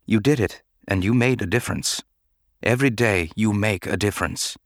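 A man voicing a calm, measured middle-aged Jedi knight who speaks gently and formally. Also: lowish voice, dry recording, studio quality, lightly acted. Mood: gentle.

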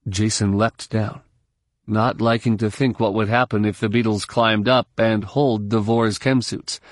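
A man reading scripted narration for an audiobook in a measured, steady storytelling manner. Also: lowish voice, no echo, studio quality.

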